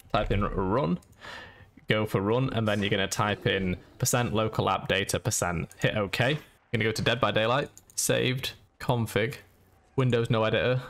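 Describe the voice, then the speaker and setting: A man talks through a game settings guide in a flat, monotone way. His voice sits very low, and the delivery is casual and unhurried. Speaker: gaming YouTuber. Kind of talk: screen-recorded how-to voice-over.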